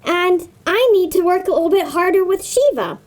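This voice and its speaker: A woman hosting a children's show, talking gently and patiently to kids at home and giving simple commands to her dog. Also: very high-pitched, animated, moderate pace. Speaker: kids' show host teaching dog tricks.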